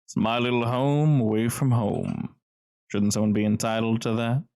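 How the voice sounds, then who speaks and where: A man voicing a tall, distinguished, guarded gentleman who speaks smoothly and calmly. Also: mid-range voice, close to an everyday voice. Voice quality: smooth, velvety. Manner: calm, measured, cagey.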